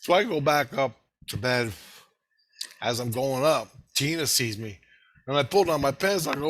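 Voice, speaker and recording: A man telling a rambling, profane story in a casual monologue, laughing and animated as he retells it. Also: fairly high pitch, normal speed.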